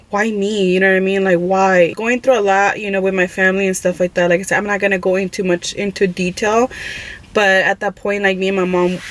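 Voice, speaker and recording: A young woman vlogging, telling a personal story in a rambling, emotional, confiding way, full of "like" and "you know". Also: mid-range voice. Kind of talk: casual storytelling to viewers.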